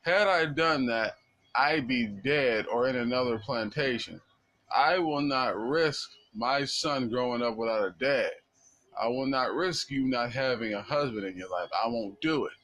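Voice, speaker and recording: A man's voice: mid-range voice, measured pace, a bit bright, lightly acted. A man voicing an enslaved husband who firmly explains why he could not fight back. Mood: resolute pleading. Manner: pleading yet resolute. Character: desperate enslaved husband, firm and protective.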